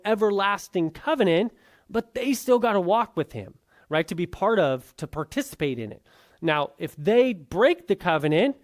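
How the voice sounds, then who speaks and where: A man with a high, light voice leads a church Bible class. He talks in an easy, conversational way and keeps asking his listeners whether they follow. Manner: conversational, keeps checking in with "right?". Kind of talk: teaching a Bible survey class.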